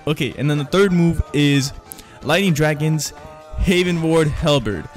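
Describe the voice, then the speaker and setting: A man's voice: on the high side, unhurried, soft background music. A young man hosting a gaming channel, giving casual, slangy gameplay commentary and correcting himself often. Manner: slangy, hyped, self-correcting gamer talk.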